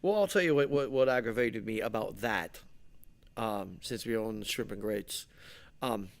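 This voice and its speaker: A man co-hosting a casual chat, talking in a dry, halting way with stiff, mock-formal wording. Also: fairly low pitch. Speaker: podcast co-host.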